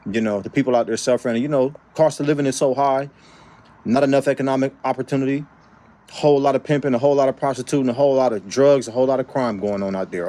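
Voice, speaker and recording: A man from the Bay Area tells a story from his own life in a loose, casual vlog manner. He leans hard on key phrases and repeats them for effect, tossing in tag questions as he goes. His voice sits at an ordinary middle pitch. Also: dark tone. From San Francisco Bay Area. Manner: informal speech with frequent tag questions. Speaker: vlogger.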